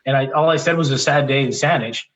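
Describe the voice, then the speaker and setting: A man's voice: mid-range voice, quick pace. Candid storytelling man, slightly muffled audio. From Canada. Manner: animated, restarts often, laughs while telling. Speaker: interview guest.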